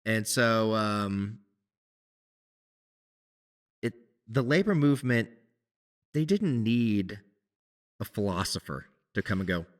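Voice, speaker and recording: A man co-hosting a podcast, talking in a casual, animated way with many restarts. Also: on the low side, slow pace, pauses often. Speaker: podcast co-host, musician. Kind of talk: casual conversation.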